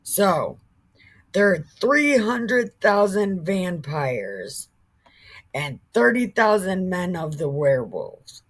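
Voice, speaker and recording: A woman retells scripture in a profane, joking way, often stumbling over names and words. She talks very slowly, and her pitch swings widely. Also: big pitch swings. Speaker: Bible storyteller. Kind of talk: irreverent casual retelling of scripture.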